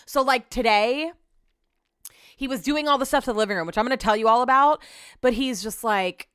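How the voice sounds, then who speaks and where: A woman's voice: fairly high pitch, fairly quick, a bit bright, smooth, no room sound. Young woman podcasting from home, ranting and cursing a lot, dry close mic. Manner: candid ranting with frequent swearing. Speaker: podcast host. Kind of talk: solo podcast chat.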